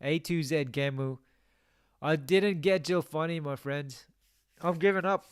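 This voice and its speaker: A young man chats loosely through a live stream, answering viewer comments and thinking out loud. His voice sits a little high and comes through smooth and clear. The sound is dry and close, with no room echo. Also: a little slow. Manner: chatty, reads viewer comments aloud, muses to himself. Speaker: game streamer. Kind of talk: casual live-stream chat.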